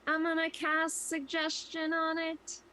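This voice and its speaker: A woman's voice: extremely high pitch, monotone, a little slow, bright, forceful tone, slight background noise. A woman playing a tabletop game, chatting playfully with the game master. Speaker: player. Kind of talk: casual tabletop play.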